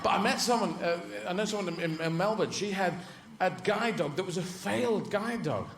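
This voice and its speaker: A man's voice: sits high, brisk. A man performing a rambling, whimsical stand-up comedy routine. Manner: rambling and whimsical, slipping into voices. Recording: echoey venue with ambient noise.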